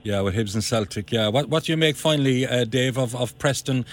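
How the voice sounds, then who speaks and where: A man's voice: medium pitch, brisk. A man with a Cork Irish accent, hosting a radio chat and rambling through a story with lots of fillers. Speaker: radio host.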